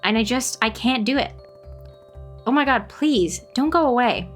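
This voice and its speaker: A woman's voice: a little high, lively intonation, moderate pace, soft background music, lightly acted. A woman voicing a desperate young woman warrior who pleads emotionally about losing her strength. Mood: pleading.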